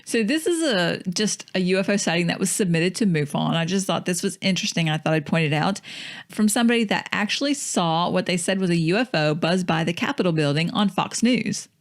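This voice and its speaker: A woman's voice: fairly low pitch, lively intonation, fairly quick. Laughing female podcast co-host. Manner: laughs often, gives short backchannel replies. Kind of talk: casual chat.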